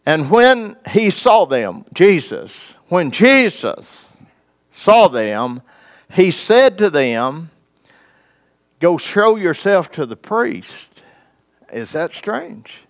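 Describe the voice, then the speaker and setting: A man's voice: a little high, sing-song. A man preaching a sermon, reading scripture and asking his congregation questions in a folksy way. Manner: folksy, asks the congregation questions, dramatic pauses.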